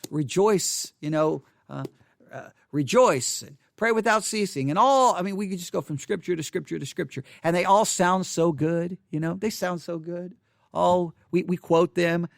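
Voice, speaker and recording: Frustrated high-voiced man ranting. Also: normal speed, creaky, no room sound, clean studio sound. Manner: frustrated, ranting, repeats himself. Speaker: Bible teacher. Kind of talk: unscripted video monologue.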